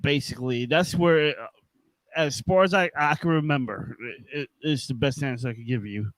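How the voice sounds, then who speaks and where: A man's voice: medium pitch, moderate pace, a bit bright, no room sound, poor audio. A man guesting on a podcast as a veteran pro wrestler, talking in a laid-back, joking way. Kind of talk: casual interview chat.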